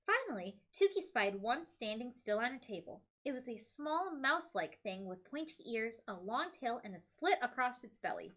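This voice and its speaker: A woman's voice: on the high side, sing-song, normal speed, a bit bright. A young woman reading a novel aloud on a comedy podcast, breaking off for amused, chatty asides. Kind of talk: comedic read-aloud with commentary.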